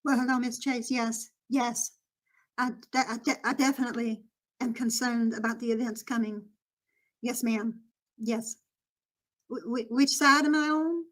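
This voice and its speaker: A woman performs a nervous, self-satisfied poser who is working hard at a fake Southern accent. The character stammers and repeats words and is keen to seem local. The voice is bright and raised. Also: fairly high pitch, fairly even intonation, unhurried. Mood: eager. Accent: put-on Southern US. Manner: stammering, nervous, eager to fit in. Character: vain outsider in disguise, faking a Southern accent. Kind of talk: comedic role-play.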